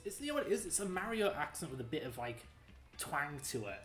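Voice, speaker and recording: A woman's voice: sits low, big pitch swings, fast. A woman streaming a video game with a friend, chatting casually and joking about her own silly voices. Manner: jokey, laughs at her own bits. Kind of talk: casual gaming commentary. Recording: echoey room with game music.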